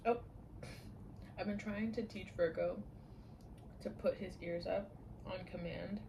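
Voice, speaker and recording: A young woman rambles to camera at home in an easy vlog chat. Her mid-pitched voice carries a gravelly fry, and she slips into half-whispers and laughs often. A faint hiss of noise sits under the recording. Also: steady tone, measured pace. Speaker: vlogger.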